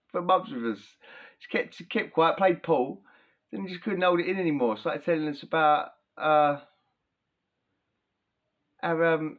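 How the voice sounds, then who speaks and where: A man's voice: a little high, phone-quality sound. A young man casually telling a prison story, chatty and full of slang, often breaking into laughter.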